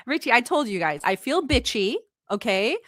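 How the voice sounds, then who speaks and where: A giddy woman from the Middle East hosts a casual livestream, and English is not her first language. She sits close to the mic in a dry, deadened space, her voice pitched fairly high. She is playful and crude, swearing as she reads chat comments aloud. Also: fairly bright tone, no room sound. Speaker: livestream host.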